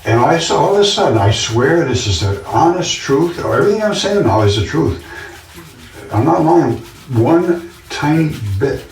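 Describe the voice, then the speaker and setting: A man's voice: fairly high pitch, big pitch swings, normal speed. A man talking in a casual monologue, earnest and insistent, often repeating himself as he tells his story. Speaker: vlogger. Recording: roomy, distant from the mic.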